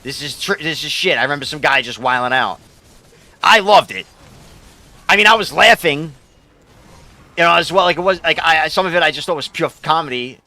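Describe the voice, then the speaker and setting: A man's voice: a little high, animated, a little fast, long pauses, pushed and bright. A young man, a game streamer rambling casually and profanely while he answers his chat.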